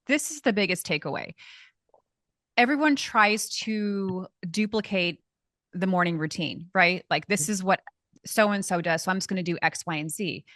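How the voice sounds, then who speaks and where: A woman's voice: fairly low pitch, fairly bright tone, no room sound. Enthusiastic woman podcast host, dry sound. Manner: enthusiastic, affirming. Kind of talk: podcast interview.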